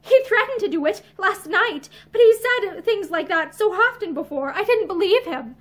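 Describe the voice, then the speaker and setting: A woman voicing a distressed young gentlewoman, pleading and agitated. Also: very high voice, lively intonation, moderate pace, pitched above the performer's own voice.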